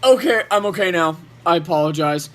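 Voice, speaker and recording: A man hosting a reaction video, talking casually and excitedly to his viewers about what he is watching. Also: on the high side, fairly quick, slight background noise. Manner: excitable, emotional, chatty. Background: TV show audio playing.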